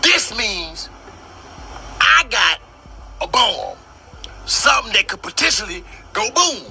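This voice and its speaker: A person explains something to viewers slowly, drawing out the words with a lively, varied pitch. The voice is very bright, and there is faint noise in the background. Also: creaky.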